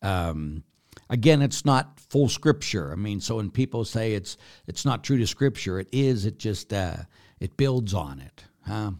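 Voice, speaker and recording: Older male priest, very low voice, live Q&A, casual and animated. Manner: animated, laughs and gets loud telling stories; slow, hushed emphasis in prayerful reflection. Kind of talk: live Q&A, reading viewer comments.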